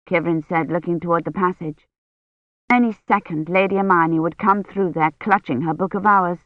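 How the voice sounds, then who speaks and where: A woman reading a novel aloud as audiobook narrator in a measured, even way. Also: on the low side, no echo. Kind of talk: scripted narration. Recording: dry, dull lo-fi audiobook recording.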